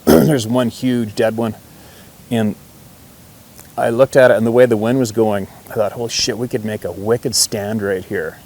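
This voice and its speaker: Low voiced hunter guy, rambling folksy story, swears a bit, faint rumble behind. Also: a little mellow. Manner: rambling, folksy, swears casually, chuckles often. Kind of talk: casual personal storytelling.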